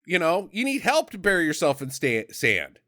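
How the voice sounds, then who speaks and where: High, lively man riffing on a movie. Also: normal speed. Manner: animated, profane, acts out scenes in silly voices, laughs often. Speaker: podcast co-host reviewing a movie. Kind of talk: casual comedic movie riffing.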